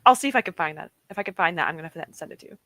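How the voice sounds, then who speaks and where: A woman's voice: lowish voice, lively intonation, very fast, bright, forceful tone, no room sound. A young woman hosting a reading stream from her desk, chatting casually with her viewers and laughing often. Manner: chatty and giggly, often laughs and reacts to chat. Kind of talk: casual chat with live chat. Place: home desk.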